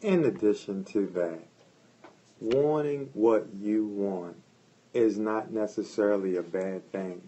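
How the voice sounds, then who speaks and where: A man co-hosting a podcast, adding calm, reflective comments. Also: on the low side, slow pace, muffled recording, slight background noise. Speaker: podcast co-host. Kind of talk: casual chat.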